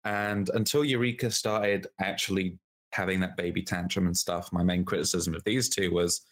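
A man chatting casually as co-host, reviewing a show with quick asides and laughs. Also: low voice, steady tone. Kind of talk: casual podcast chat.

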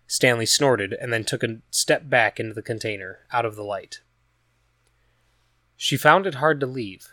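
A man reading a story aloud as a narrator, in an even, measured storytelling manner. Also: mid-range voice, no echo, studio quality. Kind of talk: scripted audiobook narration.

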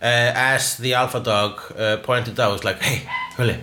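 A man telling a story in casual chat, halting and full of fillers and restarts. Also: medium pitch, steady tone, sharp tone, slight background noise.

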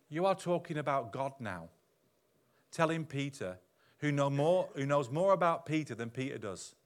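A man preaching a sermon as pastor to his church, animated, swinging from loud emphatic lines down to quiet asides. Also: medium pitch, moderate pace. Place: church hall.

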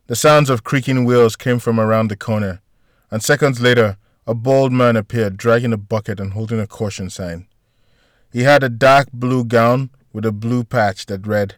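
A man's voice: lowish voice, normal speed, no room sound, studio quality. Man reading a novel aloud. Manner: steady storytelling. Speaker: audiobook narrator. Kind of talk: scripted narration.

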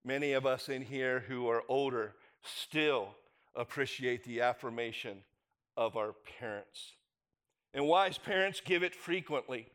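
A man's voice: on the high side, measured pace, fairly bright tone. A middle-aged man preaching a sermon in a conversational way, asking the congregation rhetorical questions. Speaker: pastor.

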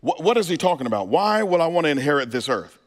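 A fast-talking male pastor with a fairly high, sing-song voice preaches a sermon, firing questions at his congregation and asking if they're ready. He breaks into call-and-response asides, and the church sanctuary gives the recording a hall reverb.

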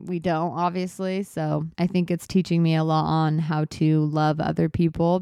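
Young woman venting on her podcast, smooth lowish voice, kinda rambly and earnest, super dry close mic. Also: dark tone, no echo. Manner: earnest and open, with fillers and restarts. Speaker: podcast host. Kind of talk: reflective solo podcast talk.

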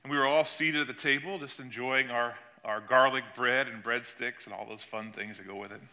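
A man's voice: fairly quick, pushed and bright. An older man, a pastor, preaching a sermon and telling a story about his granddaughter. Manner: storytelling, acts out quoted voices with rising pitch.

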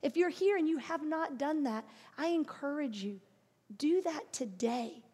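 A woman's voice: high voice, animated, a little slow, a little mellow. A middle-aged woman preaching a sermon, earnest and encouraging, with playful asides. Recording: long reverb of a large hall.

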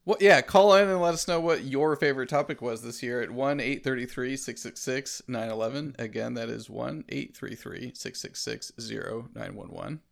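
A man's voice: mid-range voice, moderate pace, gravelly, hardly any pauses. A man co-hosting a casual show, chatting with enthusiastic, friendly banter. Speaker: co-host. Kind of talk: casual podcast chat.

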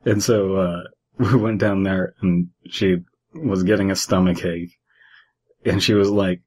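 A man's voice: deep voice, steady tone, moderate pace, darkish tone, husky. A man hosting a podcast, chatting casually and rambling through a story, laughing easily. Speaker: podcast host. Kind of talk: casual chat.

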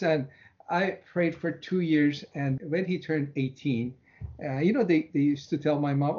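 A man's voice: moderate pace, dark tone. A man in his sixties from Iran, a Christian minister telling his personal testimony in an interview, earnest, repeating words and acting out his prayers. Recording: muffled low-fidelity audio.

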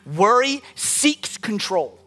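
A man's voice: sits high, sing-song, slow pace, sharp tone. A man preaching a sermon as pastor, emphatic, his voice rising and dropping with the point he makes. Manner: emphatic, rising and falling dynamically.

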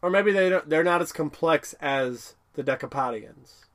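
A man's voice: on the high side, normal speed. A man co-hosting a podcast, rambling through a casual episode recap with many fillers and laughs. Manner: rambling, with many fillers and laughs, bursts into excited character quotes. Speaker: podcast co-host.

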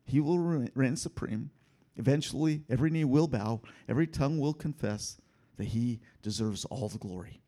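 A man preaching a sermon, swinging between loud emphatic lines and hushed asides. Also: mid-range voice, normal speed. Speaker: pastor.

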